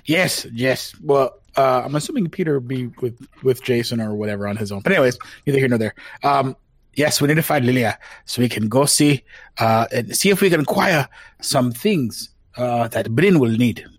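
A man's voice: medium pitch, expressive, normal speed, dry recording. Casual male player from Puerto Rico. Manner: casual, hesitant, with fillers. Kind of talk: casual tabletop game chat.

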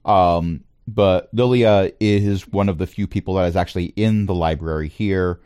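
A man narrating a tabletop game as its game master, relaxed and playful, with frequent ums and asides. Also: deep voice, moderate pace, clear, resonant tone, no echo, studio quality.

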